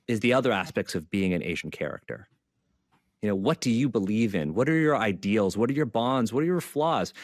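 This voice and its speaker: Heard in clean studio sound without room ambience, the zine creator speaks at medium pitch as an earnest online panelist. Fillers are frequent, and he keeps restating his key points.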